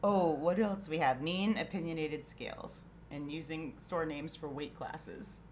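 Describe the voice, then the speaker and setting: A woman's voice: deep voice, unhurried, a little mellow, slight background noise. A young adult woman co-hosting a podcast in casual chat, giggly and teasing, often trailing off mid-thought. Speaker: podcast co-host.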